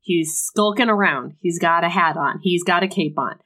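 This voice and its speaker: A woman with a fairly low voice walks through a story's plot in a casual, chatty way. She drops playful little asides as she goes. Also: moderate pace, a bit bright. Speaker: podcast co-host. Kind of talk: casual book discussion.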